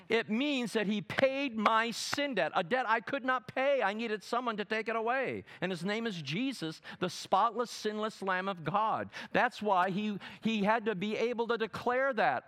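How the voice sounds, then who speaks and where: A man teaching a sermon seminar, dramatic, asking the audience questions and swinging from loud emphatic quotes to soft asides. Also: high voice, lively intonation, normal speed. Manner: asks the audience fill-in questions. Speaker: preacher.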